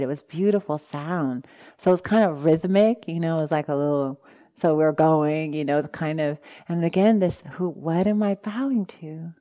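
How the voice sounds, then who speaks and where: A woman meditation teacher giving a dharma talk, telling a personal story with lively asides to the listeners and acting out her own past thoughts. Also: low voice.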